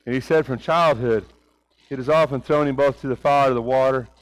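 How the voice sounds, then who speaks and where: A man preaching a sermon, asking his congregation rhetorical questions and swinging between hushed and raised delivery, with a light Oklahoma Southern accent. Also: mid-range voice, a little fast, dry recording, rough recording.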